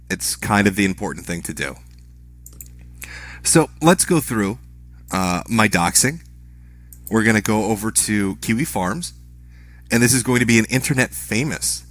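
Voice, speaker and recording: A man streaming live, talking in a sarcastic, deadpan way and swearing a lot while he begs mockingly. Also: fairly low pitch. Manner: sarcastic, deadpan mock begging, heavy swearing. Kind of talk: livestream commentary.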